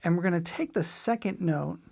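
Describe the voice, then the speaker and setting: A middle-aged woman teaching a drum lesson in a relaxed, chatty way, sometimes scatting rhythms aloud. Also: lowish voice, normal speed, vocal fry. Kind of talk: casual spoken lesson.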